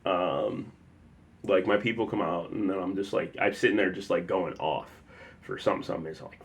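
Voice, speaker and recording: A young man from the Chicago area tells a personal story in a loose, rambling way with lots of fillers, now and then bursting into loud acted quotes. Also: on the low side, expressive, normal speed. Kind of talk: casual spoken storytelling.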